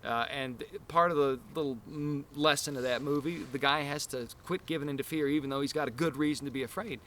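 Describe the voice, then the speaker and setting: A man's voice: fairly high pitch, a little fast, bright, forceful tone, a little hiss or hum. A man hosting a casual podcast chat, talking in long, earnest, rambling explanations. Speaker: podcast host.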